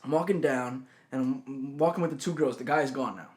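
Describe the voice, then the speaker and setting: A young man telling a college story in a casual chat, animated and swearing freely. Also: mid-range voice, brisk. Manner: animated, swears freely, acts out quotes loudly. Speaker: podcast co-host.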